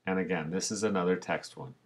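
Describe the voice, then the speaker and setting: A man, a teacher, narrating a screencast tutorial in a relaxed way, talking through each step as he clicks. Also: deep voice, fast talker, breathy edge.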